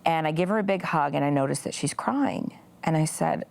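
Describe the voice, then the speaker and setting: A woman's voice: low-pitched, a little fast, creaky. A woman in her forties telling a personal story as an interview guest, earnest and full of "you know" fillers. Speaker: guest, pro-life activist.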